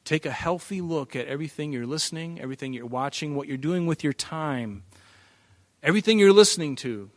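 A man's voice: a little high, lively intonation, brisk, no echo. A man preaching a verse-by-verse Bible teaching, emphatic and repeating words as he drives a point home. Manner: emphatic, repeats words, varies loudness for stress. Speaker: pastor.

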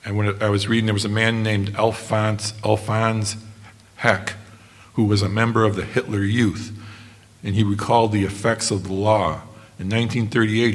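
Low-voiced, earnest male preacher. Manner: earnest, measured, slows on quoted passages. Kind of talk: sermon.

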